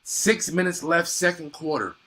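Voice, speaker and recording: A young man doing live play-by-play and reaction on a stream, reading viewer comments and bursting into excited exclamations. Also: on the high side, normal speed.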